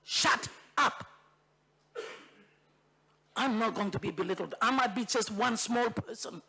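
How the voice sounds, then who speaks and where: Fiery and gravelly, this woman from Bougainville, Papua New Guinea, has a slightly high, fairly bright voice, a fairly quick pace and a Bougainville accent. As a member of parliament debating in the chamber, she speaks with impassioned emphasis, repeating phrases for force and switching into Tok Pisin.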